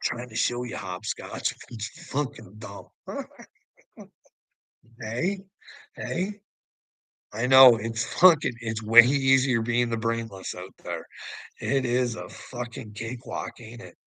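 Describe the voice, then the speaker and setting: A man's voice: medium pitch, takes it slowly, pauses often, a bit bright, no echo. A man ranting at the camera in a taunting, profane way, laughing often between lines. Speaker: vlogger. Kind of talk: mocking rant to the camera.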